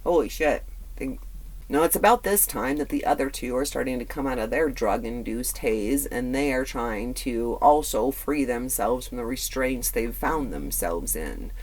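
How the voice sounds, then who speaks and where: A man's voice: mid-range voice, expressive, normal speed. A man hosting a true crime podcast, telling the story in a casual, conversational way with blunt, profane asides and lots of fillers. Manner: filler-heavy, repeats words.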